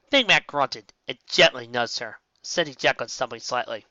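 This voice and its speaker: A woman narrating a fan story aloud in an expressive amateur audiobook reading, recorded on a dull lo-fi home setup. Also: very deep voice, a little fast, few pauses, dry recording. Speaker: fanfiction reader.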